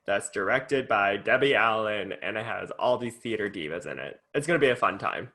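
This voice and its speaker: A man's voice: fairly low pitch, expressive, a little fast, bright, forceful tone. A man co-hosting a podcast in casual chat, chatty and enthusiastic, with many fillers. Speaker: podcast co-host.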